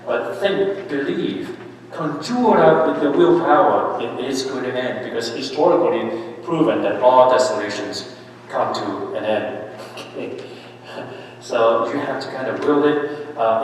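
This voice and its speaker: A man's voice: medium pitch, unhurried, slight background noise. A man, a priest giving a parish mission, preaches in a conversational way, often checking in with his listeners with "right?" and "okay?", and rising sharply on the points he stresses. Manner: lively and emphatic, with sudden rises on key points. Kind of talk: conversational sermon. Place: church. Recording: echoey church hall, mic at a distance.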